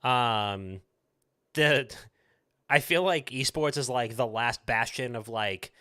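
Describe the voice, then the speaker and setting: This podcast host from the United States talks about esports in a relaxed, casual way, dropping lots of fillers and a swear now and then. He speaks slowly in a smooth, bright, medium-pitched voice with a forceful tone.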